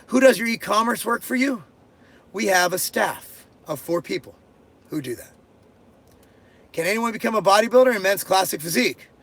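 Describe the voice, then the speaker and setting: Middle-aged dude doing a live q&a, fairly high voice, crude jokes, cusses a lot, blunt answers. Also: male voice, lively intonation, moderate pace, vocal fry, long pauses, fairly bright tone. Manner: blunt, crude and joking, swears freely. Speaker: host answering viewer questions. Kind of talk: casual live-stream Q&A. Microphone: headphones and desk mic.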